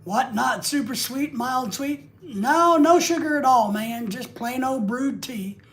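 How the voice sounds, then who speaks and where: A man's voice: very high voice, slow pace, fairly bright tone. A man hosting a live stream, rambling and joking casually with crude asides.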